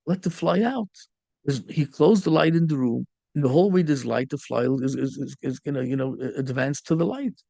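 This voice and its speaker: Gravelly-voiced rabbi telling a story. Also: male voice, medium pitch, normal speed, dry recording. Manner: animated storyteller with Yiddish and Hebrew words. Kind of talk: storytelling sermon.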